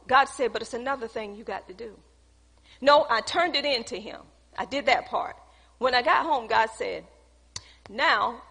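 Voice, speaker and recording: A woman's voice: a little high, sharp tone, breathy edge, long reverb tail. A woman preaching a sermon, telling a personal story and talking to the congregation in a conversational, call-out way.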